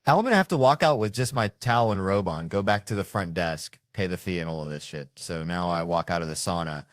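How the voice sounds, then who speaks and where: A man with a Southern US accent telling a profane comic story, acting out the characters with sudden jumps in pitch and loudness. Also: quick pace, no room sound, studio quality. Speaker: comedian storyteller. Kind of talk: casual storytelling.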